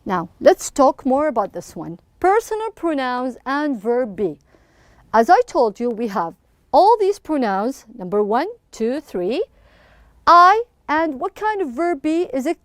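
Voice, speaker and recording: A woman's voice: sits high, very animated, a little slow, no room sound, clean studio sound. A woman teaching an English lesson to young pupils, prompting with questions and praising answers encouragingly.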